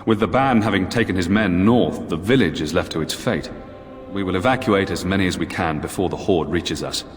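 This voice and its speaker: A deep, grave knight from a fantasy game, voiced by a man, speaking in formal, measured sentences. His voice rings with a long reverb over faint background music. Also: natural voice.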